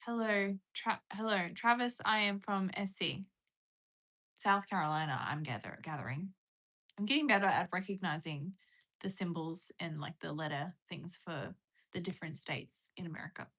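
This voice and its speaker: A young Australian woman runs a casual livestream, chatting in a rambling, self-mocking manner while reading viewer comments. She speaks at normal speed in a lowish, fairly bright voice.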